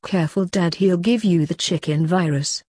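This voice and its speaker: A woman's voice: lowish voice, moderate pace, mellow, breathy edge, no echo. A woman voicing a dry-witted young man who teases his father. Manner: dry and teasing.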